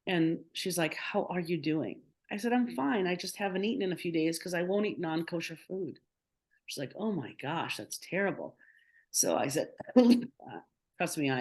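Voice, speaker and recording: Middle-aged woman, slightly low voice, emotional first-person storyteller on a podcast, quotes dialogue, frequent restarts. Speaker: podcast guest.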